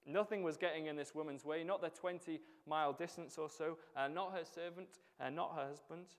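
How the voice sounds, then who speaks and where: A man with a fairly high voice preaches a sermon in a church, talking conversationally and fairly quickly with fairly even intonation. He poses rhetorical questions to his listeners, and a long hall reverb surrounds him.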